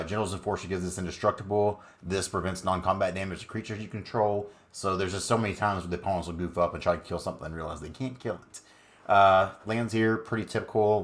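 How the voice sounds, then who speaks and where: Chill guy with a lowish voice, chatty deck tech, lots of ums and uhs. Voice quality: laid-back, chatty with frequent fillers. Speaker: channel host, card game player. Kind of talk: casual deck tech and gameplay commentary.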